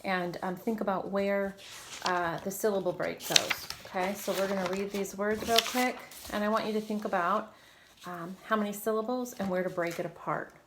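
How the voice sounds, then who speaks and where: A woman teaching a recorded phonics lesson to children, giving clear prompts and praising often. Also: medium pitch, fairly even intonation, moderate pace, heavy background noise. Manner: encouraging, clear teacher prompts to young readers. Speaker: reading teacher.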